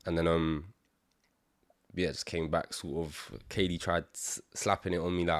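A man's voice: sits low, fairly even intonation, moderate pace. A young man, a podcast guest chatting casually about a reality show, laid-back and full of slang. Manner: laid-back, slangy, says "bro" a lot, laughs often. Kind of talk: casual chat.

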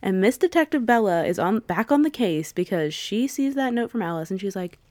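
A young woman co-hosting a podcast in casual chat, chatty and quick to laugh, with playful quoted asides. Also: mid-range voice, lively intonation, darkish tone, no echo. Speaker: podcast co-host.

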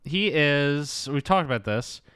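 A young man in his twenties co-hosting a casual movie podcast, chatty and quick with asides. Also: fairly high pitch, animated, fairly bright tone, clean tone, no room sound, studio quality. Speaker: podcast co-host.

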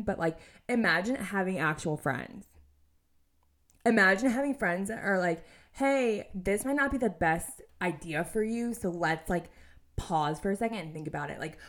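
A woman in her twenties hosting a casual podcast chat, blunt and swearing often, with lots of "like". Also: fairly low pitch. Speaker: podcast host.

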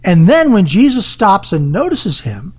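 A podcast co-host in a casual Bible discussion, talking in an animated way and acting out crowd voices. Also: mid-range voice, measured pace, breathy edge.

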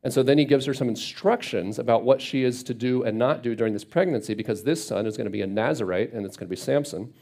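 A man's voice: medium pitch, quick pace, creaky, hardly any pauses, a little mellow. A man teaching a Bible passage casually, reading verses and retelling them in everyday speech. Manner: conversational, paraphrases scripture in everyday speech.

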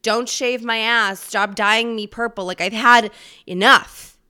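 A woman voicing a pampered pet dog that is fed up with being groomed and dressed, in a smooth voice, on a podcast. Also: on the high side, steady tone, a little slow, sharp tone. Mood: exasperated. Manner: exasperated complaining.

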